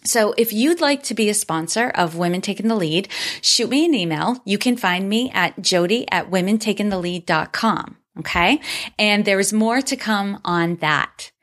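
Woman podcast host, solo episode, upbeat and grateful, medium pitch. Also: lively intonation, moderate pace, fairly bright tone. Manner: upbeat and grateful, reads listener reviews aloud.

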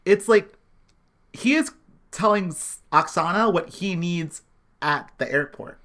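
Relaxed podcast co-host adding corrections. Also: mid-range voice, unhurried. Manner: corrects and adds details, relaxed and conversational. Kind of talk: casual TV episode discussion.

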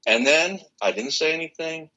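An older man, a guest in an interview, telling a personal story in an animated way and acting out the exchanges he quotes. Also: on the high side, moderate pace, poor audio.

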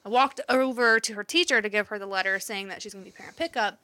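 A woman's voice: mid-range voice, fast talker, sharp tone, clear, resonant tone. A woman in her thirties, a mother, candidly telling a story in casual chat, swearing now and then and laughing along the way.

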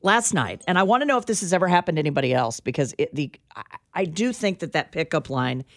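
A woman co-hosts a radio talk show, recounting an anecdote with dramatic flair. Her pitch swoops widely as she builds the story. The sound is close and dry, with no room around it. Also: lively intonation, fast talker, dry recording. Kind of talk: casual chat storytelling.

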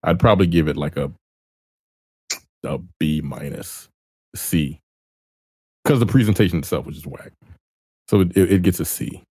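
A man with a very low voice chats casually on a podcast. He gives his opinions bluntly in loose slang and laughs between words. The sound is dry and close. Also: moderate pace, pauses often, darkish tone, slightly rough, no echo. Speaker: podcast co-host.

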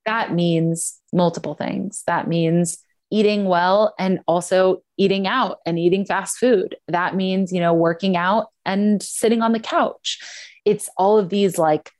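A woman's voice: fairly low pitch, steady tone, unhurried, darkish tone. A young woman chatting casually on a podcast, telling a personal story with a lot of "like" fillers. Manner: candid storytelling, frequent "like" fillers. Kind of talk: casual chat.

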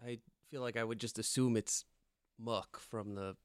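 A player in a tabletop game, chatty and quick to joke. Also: medium pitch, steady tone, a little hiss or hum. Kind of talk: casual chat.

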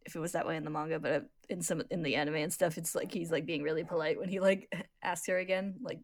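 A woman co-hosting a podcast, chatting in a relaxed way with small laughs. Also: deep voice, fast, no room sound, clean studio sound. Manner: relaxed, chuckling, lots of fillers. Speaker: podcast co-host. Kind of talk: casual chat.

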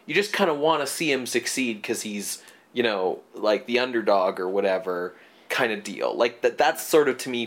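A man's voice: lowish voice, fairly bright tone. A man co-hosting a casual movie podcast, talking in rambling stretches full of fillers and restarts. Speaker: podcast co-host. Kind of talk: casual movie review chat.

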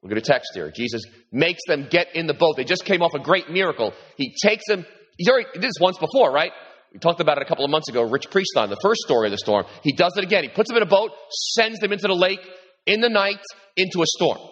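Husky guy preaching, fairly high voice, big echoey hall. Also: fast. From New York. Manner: animated, repeats words, rises in pitch when quoting Jesus. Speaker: pastor. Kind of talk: sermon. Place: large hall with congregation. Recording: echoey hall, dull sound.

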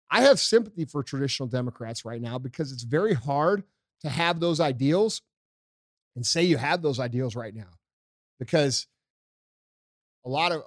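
A man's voice: on the high side, no echo, clean studio sound. Blunt, profane man in casual chat. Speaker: podcast co-host.

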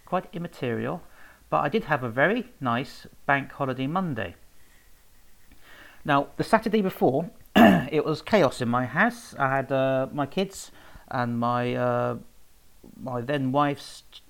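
A man's voice: medium pitch, unhurried, gravelly, rough recording. A man telling research anecdotes in a casual, rambling way, with many fillers and self-corrections. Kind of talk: casual spoken talk about research.

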